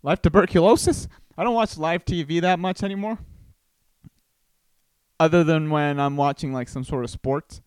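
A man's voice: a little high, steady tone, normal speed, pauses often, a little mellow, clean tone, no echo, clean studio sound. A man from Costa Rica hosting a casual solo podcast, telling rambling stories with many restarts. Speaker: podcast host.

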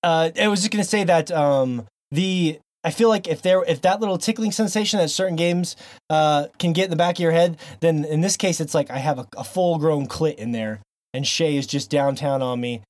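A man's voice: fairly high pitch, moderate pace, no room sound. A man hosting a gaming podcast, rambling casually with crude jokes and many fillers. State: strained voice after shouting. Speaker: podcast host. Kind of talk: casual chat.

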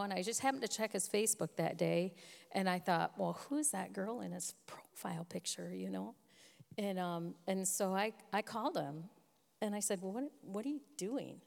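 A woman's voice: medium pitch, in a large hall. A woman guest telling her side of the story with laughter and emotion. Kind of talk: personal testimony.

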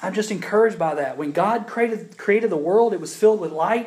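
A man's voice: sits high, moderate pace, few pauses, darkish tone. Echoey conversational male preacher. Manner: conversational, building to emphatic preaching. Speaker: pastor. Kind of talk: sermon with personal story.

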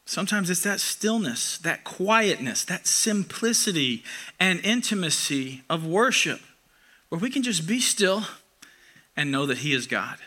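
A young man preaching with a high, very bright voice. He talks to the congregation like a friend, joking at his own expense. He swells loud on key lines, then pulls back soft and intimate. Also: very animated, a little slow. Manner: conversational, self-deprecating, swells loud for emphasis then drops soft. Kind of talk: sermon.

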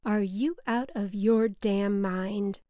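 A woman's voice: medium pitch, steady tone, slow pace, warm tone, no room sound, clean studio sound, close to an everyday voice. A woman voicing her curt, indignant, hard-drinking mother, who swears freely and snaps back. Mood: alarmed scolding.

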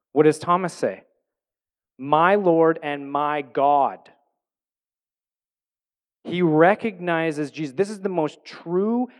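A man teaching from scripture in a thoughtful sermon style, with a slightly higher-than-usual voice. He is earnest and reflective, and often turns a question back to his listeners. At tender moments he sinks to a soft, quiet tone. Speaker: Bible teacher.

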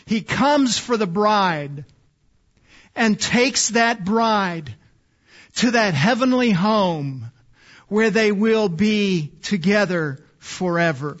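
Male preacher, high voice, slow earnest sermon delivery, slightly dull lo-fi recording. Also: expressive. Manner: slow, earnest, drops to soft low phrases for emphasis.

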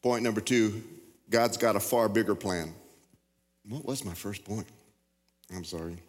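A middle-aged pastor preaches a sermon in a folksy manner, often repeating himself and stumbling over his words. His fairly low voice is a little slow, with soft background music and long reverb from the large church hall.

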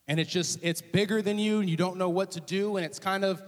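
Man, young, casual joking sermon, fairly high voice, long church reverb. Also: fairly quick. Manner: casual, joking, animated storytelling with voiced asides. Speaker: student ministries director preaching. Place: church auditorium.

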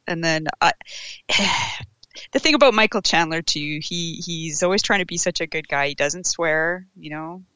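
A woman's voice: fairly low pitch, normal speed, pushed and bright, dry recording. A woman from western Canada co-hosting a casual podcast, giggly and self-deprecating.

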